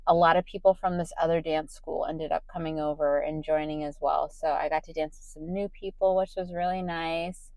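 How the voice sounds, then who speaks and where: A woman's voice: fairly low pitch, darkish tone, no room sound, rough recording. A young woman vlogging late at night with a tired voice, rambling with many ums and restarts. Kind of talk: casual late-night vlog talk.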